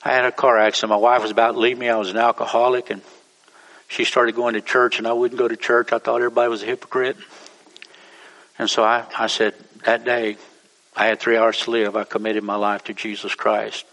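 A pastor with a bright, forceful edge to his voice preaches in a folksy, rambling manner, circling back over his words. His sermon rings out with a long reverb, as if recorded in a church hall. His pitch sits in a middle range for a man. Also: level tone, a little fast. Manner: folksy, rambling, repeats himself. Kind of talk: sermon storytelling.

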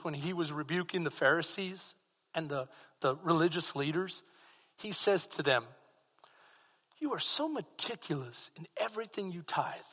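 A man with a Texan accent preaching a sermon as pastor, swinging from quiet asides to fervent exclamations. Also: a little high, big-room sound.

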